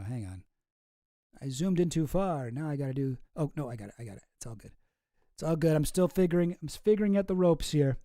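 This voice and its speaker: A man's voice: a little high, a little mellow, no echo, studio quality. A man hosting a live stream, chatting casually and rambling with lots of swearing and restarts. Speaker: streamer host.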